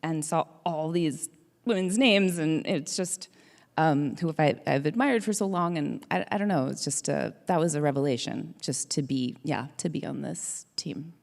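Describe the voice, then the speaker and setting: A woman with a very low, gravelly voice talks on a stage panel, halting and searching for words. Her casual chat has a long reverb from a large auditorium. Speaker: actor on a panel.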